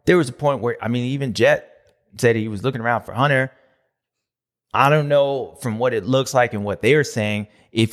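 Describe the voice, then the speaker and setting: A man hosting a motocross recap show, talking in a loose, slangy, animated way with loud bursts and low asides. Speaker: motocross podcast host. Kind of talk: casual race recap commentary.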